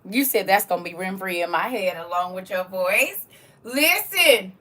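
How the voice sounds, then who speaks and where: A middle-aged woman hosting a livestream, laughing and teasing her viewers in casual chat, with a voice she calls croaky. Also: medium pitch, expressive, moderate pace, pushed and bright, distant mic. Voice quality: self-described croaky frog voice. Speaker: livestream host.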